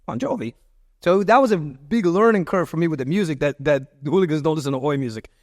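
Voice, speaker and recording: Guest, 50s, fairly high voice, loose rambling storyteller, dry close sound. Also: male voice, lively intonation, fast, darkish tone, no room sound. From Miami, USA. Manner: loose, repetitive, with many restarts and fillers. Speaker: podcast guest.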